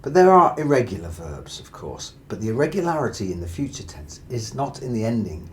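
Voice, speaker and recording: A man teaching Spanish grammar, calmly walking through verb endings in a methodical lesson. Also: medium pitch, a little fast. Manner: steady, methodical, drills through conjugations. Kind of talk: explanatory language lesson.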